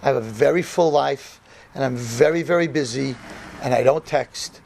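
A rabbi gives a lighthearted storytelling sermon before a roomful of yeshiva students, performing the dialogue with animation. His mid-range voice is creaky and moderately paced, with a little hiss or hum audible.

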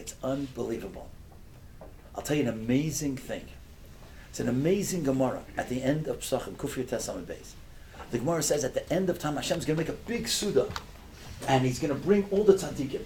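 Animated older man preaching. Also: mid-range voice, fairly quick, slight background noise. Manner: animated, swings from hushed to loud and impassioned. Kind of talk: sermon with storytelling.

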